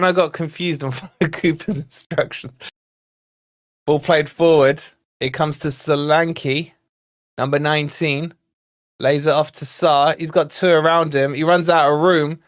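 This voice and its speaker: A man hosting a live fan watch-along, commentating on play and chatting with viewers, excitable and quick to shout at near misses and fouls. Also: on the high side. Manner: chatty, talks to viewers and co-host. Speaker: fan channel host.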